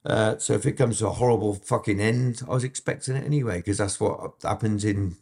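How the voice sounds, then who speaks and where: A man's voice: lowish voice, a little fast, vocal fry, darkish tone, husky. A man recounts his past in a sit-down interview. He talks bluntly and swears constantly, stumbling and restarting as he goes. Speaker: interview guest. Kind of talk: candid storytelling interview.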